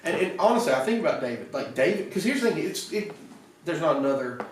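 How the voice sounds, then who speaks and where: A man with a Southern American accent preaches a casual, animated sermon, slipping into voices for the people in the story and restarting his sentences often. His voice sits a little high for a man. The sound comes from far off in a very echoey church with a faint hiss. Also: fast. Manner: animated, retells scripture with voices, frequent restarts. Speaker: pastor. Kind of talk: conversational sermon. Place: church sanctuary.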